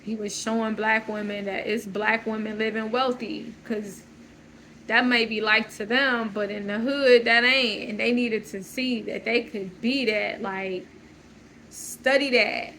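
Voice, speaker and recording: A woman's voice: a little high, fairly even intonation, unhurried, pushed and bright, slight background noise, poor audio. A woman talking through a loose, searching personal monologue, full of fillers and restarts. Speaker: channel host.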